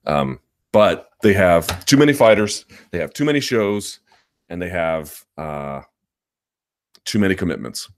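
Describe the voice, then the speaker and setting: A man's voice: deep voice, lively intonation, a little slow. A male host of a sports live chat, answering viewer comments in an emphatic, argumentative way and repeating his points.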